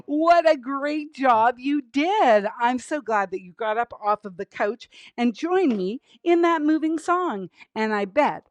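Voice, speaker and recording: A high-voiced woman hosting a children's show, cheering on young viewers with an encouraging tone. She talks slowly and clearly, and the sound is close and dry. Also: lively intonation, no echo. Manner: warm, encouraging, upbeat with kids. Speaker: children's entertainer host.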